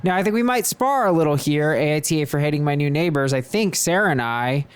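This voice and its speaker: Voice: mid-range voice, animated, quick pace, clear, resonant tone, no room sound. A podcast host chatting playfully and reading listener comments aloud. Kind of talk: casual chat, reading posts aloud.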